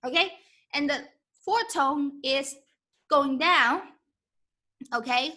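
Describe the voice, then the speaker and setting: Woman teaching mandarin tones, slow and bright, keeps asking okay?. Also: sits high. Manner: mixes English and Mandarin, demonstrates tones by drawing out syllables; encouraging, asks "okay?" often. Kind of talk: live-stream language lesson.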